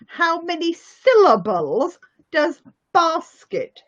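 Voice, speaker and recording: Slow, sing-song woman teaching phonics. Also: a little high, very animated, fairly bright tone. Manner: encouraging, slow and sing-song, praising often. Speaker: English teacher. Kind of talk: online phonics lesson with young learners. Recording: muffled lo-fi audio.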